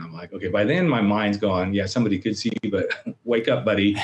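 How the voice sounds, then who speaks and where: Middle-aged guy on a podcast, deep voice, tells his story animated, does his own inner voices. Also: fast talker. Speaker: podcast guest. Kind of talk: personal storytelling in an interview.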